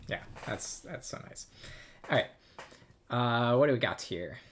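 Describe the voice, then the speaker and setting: A man's voice: mid-range voice, lively intonation, a little slow, a bit bright, faint music behind. A man casually reading through a text, thinking aloud in a hesitant, self-amused way. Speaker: language learner reading a game aloud.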